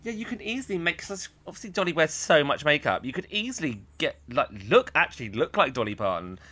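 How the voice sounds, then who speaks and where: Man from Britain, podcast co-host, rambling, halting, lively up-and-down pitch. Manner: rambling, halting, lots of fillers and trailing off. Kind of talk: casual chat reviewing a TV episode.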